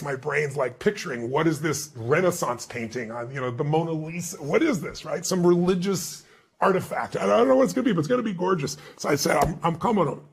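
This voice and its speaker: A man being interviewed as an author, telling stories in an emphatic, animated way and acting out the dialogue. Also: on the high side, creaky, breathy edge. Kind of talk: interview storytelling.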